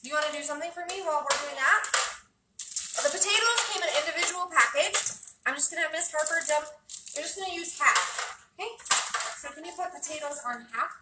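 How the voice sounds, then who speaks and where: A woman's voice: high-pitched, quick pace. A woman chatting to the camera while she cooks at home and coaches her child through a recipe. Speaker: vlogger cooking at home with her kids. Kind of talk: casual cooking vlog chat. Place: home kitchen. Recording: echoey kitchen, distant camera, background noise.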